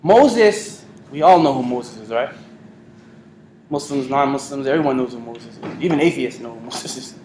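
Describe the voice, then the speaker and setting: A man giving a storytelling religious lecture to an audience, animated and acting out the voices he quotes. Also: mid-range voice, moderate pace. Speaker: preacher. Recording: echoey hall with faint ambient noise.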